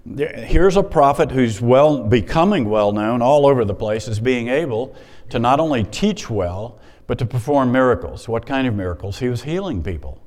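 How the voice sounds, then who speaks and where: Male pastor, mid-pitched voice, casual and animated sermon delivery, long hall reverb. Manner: conversational, animated, pauses to explain Scripture.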